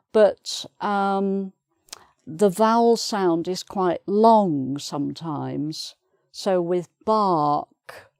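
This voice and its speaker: A British woman gives a pronunciation lesson at an unhurried pace in a slightly low, creaky voice with a darkish tone. She patiently and carefully repeats each example word, and the sound is dry and close with no room echo.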